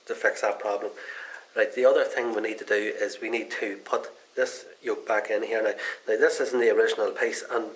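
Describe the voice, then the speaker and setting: A man's voice: lowish voice, rough recording. A man chatting his way through a casual hands-on guitar repair demonstration in a folksy, rambling manner.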